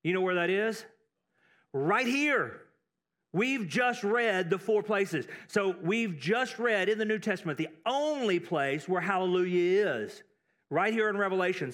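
High-pitched texas-raised pastor, chatty sermon, lots of asides and repeats. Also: male voice, a bit bright. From Texas, United States. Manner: conversational, with asides and repeated words for emphasis.

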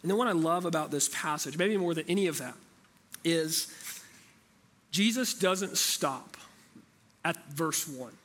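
A man's voice: a little high, measured pace, long pauses, a bit bright. A man preaching a sermon as pastor, talking in a conversational way and asking the room rhetorical questions.

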